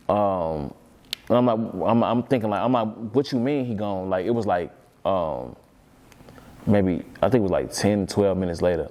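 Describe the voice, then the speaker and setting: A man's voice: low-pitched, darkish tone. A man talking as an interview guest, telling a long story in a rambling, repetitive way and swearing freely.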